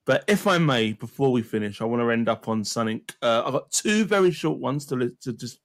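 A man's voice: medium pitch, lively intonation, brisk. A man co-hosting a football podcast, reading out listener messages in a laid-back, amused way. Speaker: podcast co-host. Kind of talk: casual football chat.

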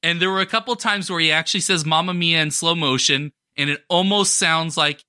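A man cohosting a podcast in casual chat, talking with real enthusiasm. His voice is strikingly bright and sits a little high. The sound is close and dry, with no room echo. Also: a little fast. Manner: chatty, restarts often, enthusiastic.

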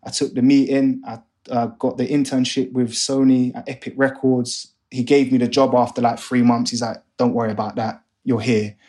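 A man's voice: mid-range voice, normal speed, hardly any pauses. A young man, a guest on an interview podcast, telling his story casually and acting out the voices of people in it. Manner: animated, acts out other voices in his stories. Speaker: guest, music A&R manager.

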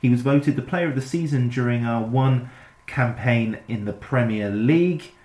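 A man's voice: medium pitch, moderate pace, a little mellow, reverberant. A man hosting a podcast, reading prepared introductions and chatting about football. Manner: reads prepared player intros, teasing reveal. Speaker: podcast host. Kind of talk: scripted quiz-style introductions and chat.

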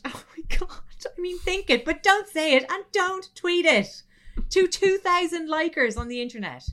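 A woman co-hosting a podcast, telling a story with lively, swearing, laughing comedic chat. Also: high voice, moderate pace. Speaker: podcast co-host.

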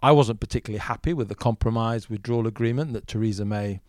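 Measured male political commentator, dry sound. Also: medium pitch, a little mellow, dry recording. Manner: measured, thoughtful, hedging with fillers. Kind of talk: podcast interview.

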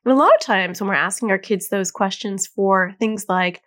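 A middle-aged woman, a therapist hosting a podcast, giving casual advice to parents in an animated, conversational way and laughing at herself. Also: mid-range voice, moderate pace, hardly any pauses. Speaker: podcast host and child anxiety therapist.

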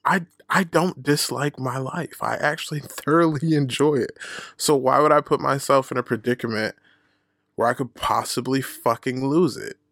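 A man hosting his own podcast tells a candid, swear-filled personal story, poking fun at himself and playing out the people he quotes. He speaks at normal speed in a medium-pitched, slightly bright voice with vocal fry, recorded in a clean studio with no room sound.

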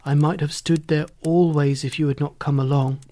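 A reader voicing a loud polite tin man. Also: medium pitch, level tone, normal speed, natural voice. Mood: grateful. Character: polite grateful tin man, rusted stiff.

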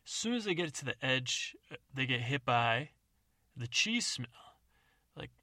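A man's voice: medium pitch, sing-song, unhurried, pushed and bright, dry recording, clean studio sound. A man casually narrating an improvised bedtime story, rambling with fillers.

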